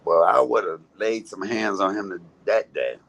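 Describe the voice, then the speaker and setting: A man's voice: fairly low pitch, a little slow, vocal fry, fairly bright tone, poor audio. A man, ranting to his viewers in a profane, confrontational and mocking way. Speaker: live-streaming commentator. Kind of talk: casual rant to viewers.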